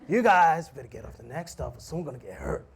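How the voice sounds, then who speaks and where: A man's voice: fairly high pitch, very animated, fast, breathy edge, exaggerated voice. A man voicing an angry drunk homeless man on a subway who threatens a group of singers. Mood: threatening. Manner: threatening, slurred and menacing.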